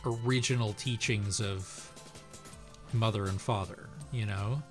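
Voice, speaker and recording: A man's voice: on the low side, fairly even intonation, measured pace, faint music behind. A man streaming a video game, chatting casually about it with a lot of rambling. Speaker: let's play streamer. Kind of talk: casual chat over gameplay.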